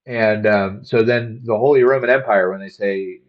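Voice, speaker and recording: A man hosting a solo podcast, talking casually with many pauses and fillers. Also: fairly low pitch. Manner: slow, halting, many fillers. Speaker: podcast host. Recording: dull lo-fi audio.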